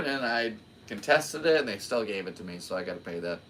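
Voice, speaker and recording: A man's voice: lowish voice, lively intonation, a little fast, bright, forceful tone. A man in his twenties hosting his own podcast, talking in a rambling, jokey way that drifts into tangents. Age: 20s. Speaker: podcast host. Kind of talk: casual rambling monologue.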